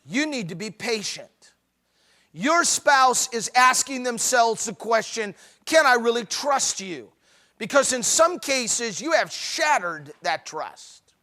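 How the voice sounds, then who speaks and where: A man's voice: very high-pitched, very animated, takes it slowly, bright, forceful tone. A man giving a humorous, emphatic talk at a marriage conference, mixing preachy urging with jokes. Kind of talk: humorous live seminar talk.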